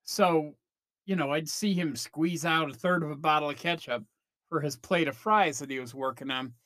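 A man's voice: on the high side, moderate pace, a bit bright, no room sound. Chatty fifty-something man, dry sound. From Northern Illinois, USA. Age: 50s. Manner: chatty, meandering, swears casually. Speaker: podcast host. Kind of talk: casual rambling monologue.

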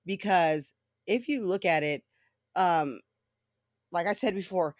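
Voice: medium pitch, slow pace, no echo, clean studio sound. Foul-mouthed rambling podcast host. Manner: swears freely, rambling storytelling. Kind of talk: casual solo podcast monologue.

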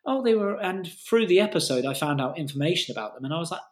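A man's voice: a little high, fast, reverberant. A man co-hosting a casual music podcast, talking enthusiastically and rambling with restarts and the odd swear. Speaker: podcast co-host.

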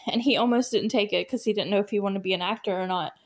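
A woman's voice: mid-range voice, quick pace. A woman hosting a podcast, chatting casually on her own, laughing often and filling her talk with "like" and "you know". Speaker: podcast host. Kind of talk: casual solo chat.

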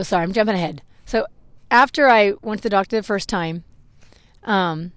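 A woman's voice: mid-range voice, dry recording. Middle-aged woman host, candid rambling storyteller, dry close sound. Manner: candid, rambling, self-reflective, with acted-out quotes. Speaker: podcast host. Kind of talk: personal storytelling monologue.

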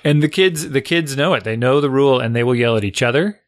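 Man, gravelly voice, casual chat, animated storyteller, youth coach. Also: medium pitch, quick pace.

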